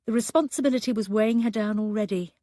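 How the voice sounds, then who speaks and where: A woman narrating an audiobook in a measured, even storytelling manner, recorded close to the mic. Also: on the high side, no room sound.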